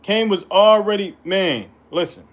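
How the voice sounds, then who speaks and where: A man with a fairly high voice reads scripture aloud and teaches it casually. He stops often to add emphatic, slangy asides of his own. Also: a little slow. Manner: colloquial, emphatic commentary between verses. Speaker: Bible teacher. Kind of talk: informal Bible study reading.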